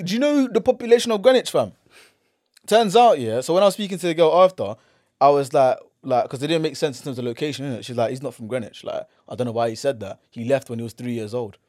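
Young man, London accent, fairly high voice, dry close sound, animated storytelling. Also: no echo. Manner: animated, acts out quotes, slangy. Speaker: podcast host. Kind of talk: casual storytelling chat.

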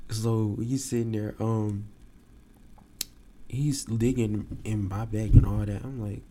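A man telling a story to his podcast listeners in a casual, animated way. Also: lowish voice, measured pace, long pauses, slight background noise. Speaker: podcast host.

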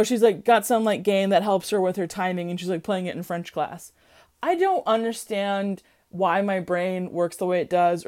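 A young adult woman hosting a podcast, chatting casually in an animated, sarcastic way with casual swearing. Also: medium pitch. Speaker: podcast host. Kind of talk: casual chat.

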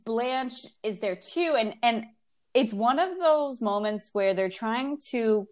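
A woman co-hosting a podcast chats casually in a fairly high, animated voice at a slow pace, with lots of fillers and laughter.

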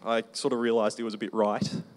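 A man's voice: on the low side, flat delivery. Man preaching a personal testimony. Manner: conversational storytelling, slowing for emphasis. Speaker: preacher sharing his testimony. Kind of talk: testimony sermon.

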